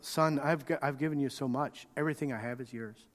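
A man voicing a patient, loving father who speaks to his son gently and reassuringly. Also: medium pitch, a little fast, close to an everyday voice. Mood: gentle. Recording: reverberant hall.

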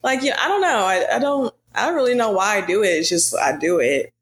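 A woman's voice: medium pitch, sing-song, brisk. A young woman from the United States speaks casually as a guest. She hesitates often and fills her sentences with small fillers. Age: young adult. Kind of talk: casual conversation.

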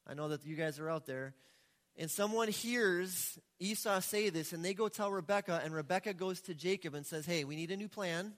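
A high-voiced male pastor tells his story at a moderate pace in a loose, chatty, animated preaching style, often acting out the characters in his sermon. His voice rings through a large hall with a long, trailing reverb.

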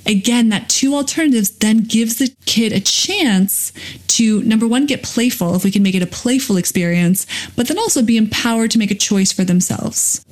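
A woman's voice: fairly high pitch, animated, normal speed. Woman hosting a parenting podcast. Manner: explains step by step and acts out parent lines. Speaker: parenting podcast host and play therapist. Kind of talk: podcast teaching.

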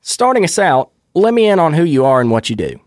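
A man with a Southern US accent hosting a podcast, asking questions in a playful, animated way. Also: a little high, a little fast, music in the background. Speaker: podcast host. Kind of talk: casual interview.

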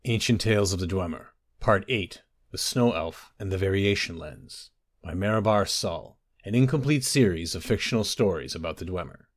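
A man narrating a fantasy story in an expressive storytelling manner. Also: deep voice, normal speed. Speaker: audiobook narrator. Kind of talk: scripted narration.

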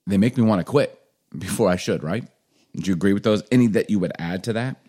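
A man's voice: fast, breathy edge. A middle-aged man co-hosting a casual talk show, telling stories animatedly and acting out voices. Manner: animated storyteller, acts out voices with big pitch jumps. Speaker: podcast co-host. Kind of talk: casual chat.

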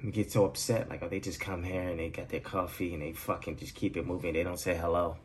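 A man's voice: low voice, steady tone, fast, slight background noise. A man hosting his own podcast, talking in a loose, profane, rambling monologue and laughing at his own jokes, recorded at home. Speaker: podcast host. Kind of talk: casual solo monologue.

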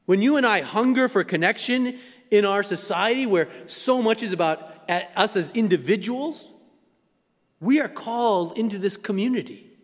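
Pastor, male, high voice, rhythmic sermon delivery that drops to hushed tones, long church reverb. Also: normal speed. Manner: repetitive preaching cadence, sinks to hushed, near-whispered close. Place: church sanctuary.

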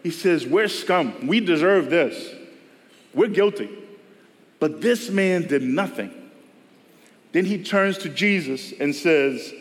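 A man's voice: on the high side, lively intonation, slow, long pauses. A male pastor preaching a sermon to a church service in a conversational style, acting out the voices of people he quotes. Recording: long reverb of a church hall.

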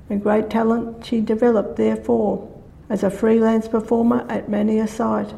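An older woman recites her own rhyming verse as a radio guest. Her voice is gravelly and mellow, a little high. Her delivery stays flat and measured. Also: rough recording. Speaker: guest poet. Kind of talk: reading rhyming poems aloud.

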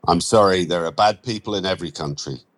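A man voicing a smooth-talking British man who is chatty, breezy and persuasive. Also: low voice, fast talker. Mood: friendly.

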